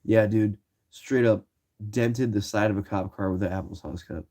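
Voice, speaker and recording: Laid-back low-voiced young man from Ohio. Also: fairly even intonation, moderate pace. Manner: loose, swearing, acts out quoted shouts. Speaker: streamer. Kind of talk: casual storytelling.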